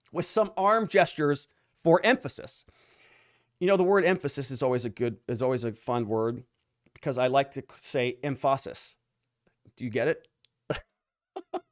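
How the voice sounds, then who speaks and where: A man's voice: on the high side, dry recording, clean studio sound. A man hosting a live stream, reading out viewer comments in a chatty way and joking along with them. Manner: plays up silly wordplay. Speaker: host.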